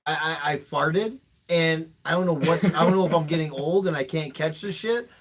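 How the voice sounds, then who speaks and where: A man's voice: on the high side, normal speed. A man in his thirties co-hosting a podcast, telling crude stories in casual chat and laughing often. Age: 30s. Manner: crude, laughing storyteller who acts out loud quotes. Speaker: podcast co-host.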